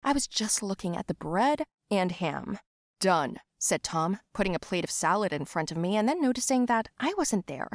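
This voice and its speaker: A woman narrating a first-person animated story with expressive, animated delivery. Her pitch sits in the middle range. The recording is dry and close. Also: normal speed, hardly any pauses, no room sound.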